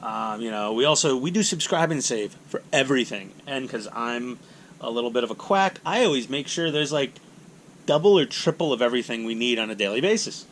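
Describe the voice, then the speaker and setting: A man's voice: medium pitch, expressive, a little fast, a little hiss or hum. A middle-aged man, hosting a hobby channel in casual, rambling, self-mocking talk. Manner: chatty, self-mocking, acts out voices in anecdotes.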